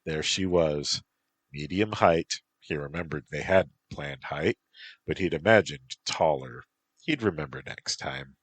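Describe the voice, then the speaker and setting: A man narrating a story in a slow, even reading voice. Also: extremely low pitch, slightly rough, dry recording.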